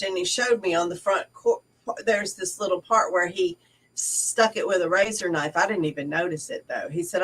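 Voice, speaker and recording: A middle-aged woman co-hosting a casual online discussion, telling stories in a chatty, animated way. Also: lowish voice, normal speed, breathy edge. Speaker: co-host. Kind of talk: casual discussion on a video call. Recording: distant from the mic.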